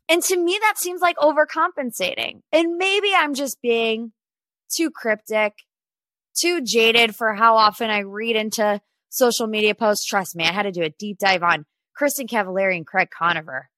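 A woman's voice: fairly high pitch, moderate pace, sharp tone, dry recording. A woman in her twenties hosting a casual pop culture podcast, chatty and opinionated. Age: 20s. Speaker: podcast host.

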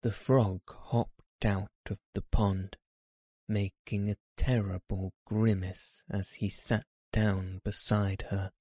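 A man reading a children's story aloud in a gentle, measured way. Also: on the low side, little pitch movement, husky, no room sound, studio quality.

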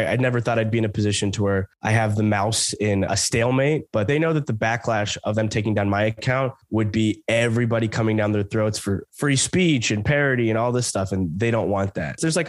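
A man's voice: fairly low pitch, no echo, studio quality. A man talking casually in an interview, sick with a weakened voice, rambling and self-deprecating. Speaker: content creator and stand-up comedian.

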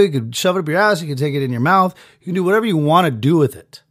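Rambling crude podcast host, a man, slightly high voice, dry close mic. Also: expressive, fast talker, few pauses, dry recording. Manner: rambling, crude, swings between loud and muttered. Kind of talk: profane mock ad rant.

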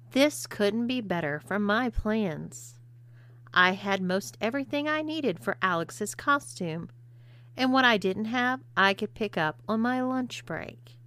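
A woman's voice: medium pitch, pushed and bright. A woman narrating an erotic story in a teasing, seductive way. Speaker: audiobook narrator.

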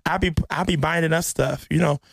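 A man hosting a podcast in casual chat, animated and hyping his guest, now and then singing lines of songs. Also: fairly high pitch, brisk, gravelly, a little hiss or hum. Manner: animated, hypes guest, sings lyrics. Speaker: podcast host.

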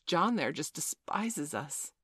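A woman's voice: sits low, very animated, slow, fairly bright tone, slightly rough, no echo, clean studio sound, heavily acted. A woman reading a storybook aloud, voicing an eager, curious young girl who asks breathless questions.

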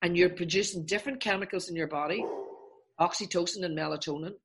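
A woman therapist, a guest on a podcast, explaining a calming technique step by step and acting out everyday examples in different voices. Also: lowish voice, fast talker. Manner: animated, acts out examples in voices.

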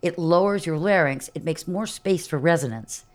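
A middle-aged woman from Texas, a vocal coach chatting in an interview, animated and quick to demonstrate voices and laugh. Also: on the low side. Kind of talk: casual interview chat.

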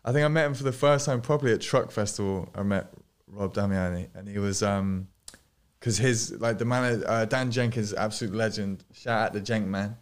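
A man's voice: on the low side, normal speed. A man from the UK, a guest DJ, rambling through casual podcast stories with loose swearing and frequent laughter in a studio. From United Kingdom.

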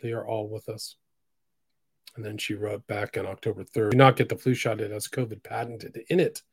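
A man hosting a solo podcast, reading posts aloud in a flat voice broken by sudden loud, emphatic bursts. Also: fairly low pitch, normal speed, husky, no echo, studio quality. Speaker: podcast host.

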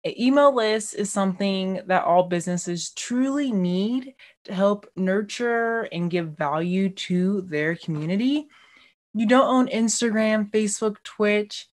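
A bubbly woman hosts her own solo podcast in an easygoing, chatty way, sprinkling in "like" and "y'all." Her voice sits at a middle pitch. She records from a laundry room at home. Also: measured pace. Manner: bubbly, chatty, often says "like" and "y'all", laughs easily. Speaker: podcast host. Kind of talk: casual solo podcast chat.

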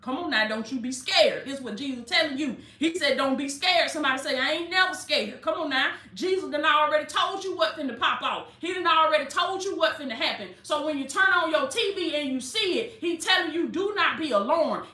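Bright fervent woman preaching online. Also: high-pitched, expressive, a little fast, hardly any pauses, echoey room. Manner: fervent call-and-response preaching, addresses viewers as baby. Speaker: preacher and life coach. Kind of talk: informal online sermon.

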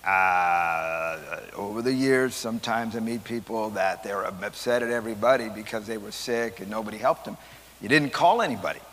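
A man's voice: fairly low pitch, moderate pace, a bit bright, slight background noise. A male pastor leading a Sunday school lesson in a conversational preaching manner, calling on class members by name. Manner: conversational preaching, calls on listeners. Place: church. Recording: long hall reverb.

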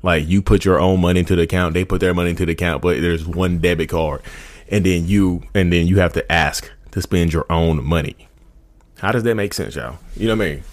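Deep-voiced man talking casually to viewers. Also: brisk. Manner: informal, restarts and repeats phrases, addresses viewers as y'all. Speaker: vlogger speaking about narcissism. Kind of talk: casual direct-to-camera talk.

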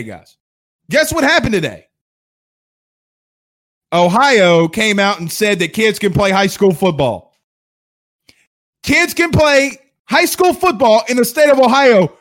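High-voiced fired-up sports host. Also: male voice, big pitch swings, measured pace, pauses often, a bit bright. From Louisiana, USA. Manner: fired-up, combative, sarcastic. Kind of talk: livestream sports rant.

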